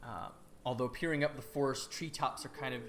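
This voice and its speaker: Man, game master, improvised fantasy narration, halting delivery, lots of ums and restarts, faint music behind. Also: medium pitch, fairly bright tone. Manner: halting, many fillers and restarts.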